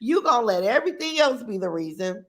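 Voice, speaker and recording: A woman's voice: a little high, big pitch swings, a little fast, fairly bright tone. A middle-aged woman hosting a livestream, reading viewer comments and talking in a blunt, defiant, profane way. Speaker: livestream host.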